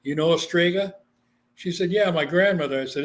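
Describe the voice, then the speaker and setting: A man's voice: on the high side, brisk. A man from Guam, a psychic medium, telling a story in a casual interview and acting out the voices he quotes. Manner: animated, acts out quoted voices.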